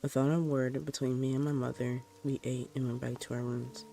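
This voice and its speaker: Mellow-voiced man reading a horror story. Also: mid-range voice, flat delivery, gravelly. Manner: plain, unhurried first-person narration.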